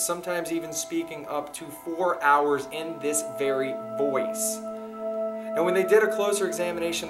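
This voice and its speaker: Male host, slightly high voice, earnest casual storytelling to camera, soft music underneath. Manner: earnest, speaks straight to viewers.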